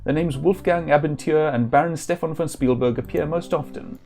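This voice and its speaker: A man streaming a retro game, reading its text aloud with relaxed, wry asides and frequent self-corrections. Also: fairly high pitch, moderate pace.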